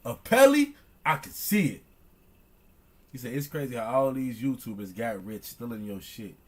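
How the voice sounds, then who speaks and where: A young man, reacting on stream in loud, excitable, slangy commentary that keeps repeating itself. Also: mid-range voice, normal speed. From Chicago. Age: young adult.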